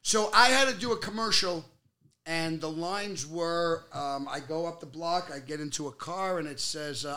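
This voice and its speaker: High, bright-voiced New actor storyteller. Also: male voice, normal speed. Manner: loud, playful, slips into mock Italian and old-man shouting. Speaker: podcast guest, actor. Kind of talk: animated storytelling chat. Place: podcast studio.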